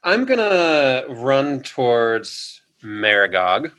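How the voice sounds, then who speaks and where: A man's voice: mid-range voice, very animated, very slow, fairly bright tone. A man at a tabletop game speaking casually. He asks questions about the scene and calls out his dice results. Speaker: player.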